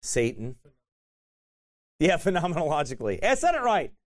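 A man preaching, slightly higher than the usual male voice. He teaches in an easygoing, conversational way, throwing frequent "right?" asides to the room and chuckling at his own lines. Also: sing-song, moderate pace. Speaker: pastor. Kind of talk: sermon teaching.

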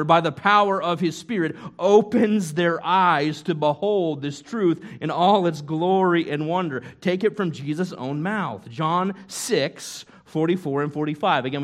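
A man preaching a sermon in a conversational way, with rhetorical tag questions, swinging between loud emphasis and hushed asides. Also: on the high side. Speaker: pastor.

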